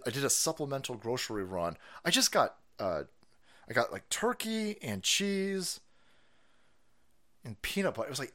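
A man hosting a livestream, ranting profanely about politics and reading out chat messages, often repeating himself. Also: medium pitch. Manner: foul-mouthed, animated, repeats himself, reads chat aloud. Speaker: livestream host.

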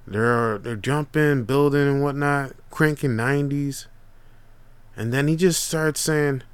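A man's voice: mid-range voice, takes it slowly, clear, resonant tone, no room sound. A young man hosting a podcast, telling casual stories with lots of profanity and slang. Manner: profane, animated, laid-back slang. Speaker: podcast host. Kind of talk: casual storytelling monologue.

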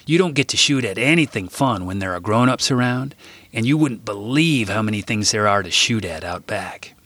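A man reading his own book aloud in a measured, unhurried storytelling manner. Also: lowish voice, lively intonation, a bit bright, no echo. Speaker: author. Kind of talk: audiobook reading.

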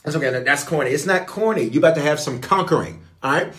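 A man preaching as a pastor, in a lively call-and-response sermon style. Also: on the high side, fast talker. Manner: call-and-response, animated, playful.

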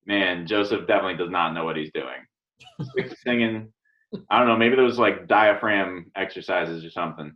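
A man's voice: deep voice, normal speed. Male podcast co-host, profane and giggly, slightly muffled recording. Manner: profane, laughs through his sentences. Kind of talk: casual chat. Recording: dull lo-fi mic.

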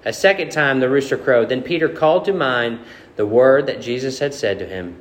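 A man preaching a sermon to a congregation, reading scripture and asking the room lively rhetorical questions. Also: mid-range voice, a little fast, slight background noise. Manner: leads a soft, quiet prayer before preaching. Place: church meeting room.

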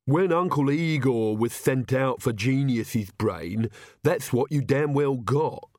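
A man's voice: mid-range voice, slow, a little mellow, no echo, studio quality, natural voice. Igor, a man doing a haughty, grumbling servant.

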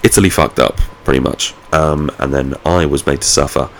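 A man with an extremely deep, gravelly voice, telling a story in a loose, rambling way. His talk is casual and full of swearing, and he pokes fun at himself. A faint hiss of noise sits behind him as he vlogs from home. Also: fairly even intonation, moderate pace. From United Kingdom. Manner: sweary, rambling, self-mocking. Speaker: vlogger. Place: at home, indoors.

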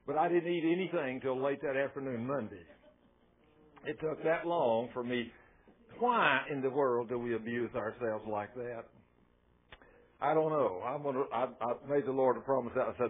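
A man's voice: on the high side, lively intonation, brisk. A man preaching a folksy sermon, telling stories with self-mocking, chuckling asides. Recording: tinny phone-like radio sound.

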